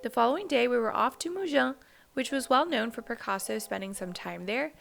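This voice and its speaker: A woman's voice: fairly high pitch, expressive, fairly quick, gravelly. A young woman who hosts a travel vlog talks casually to camera and narrates in voice-over, rambling a little with fillers and restarts. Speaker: travel vlogger. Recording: loud background music.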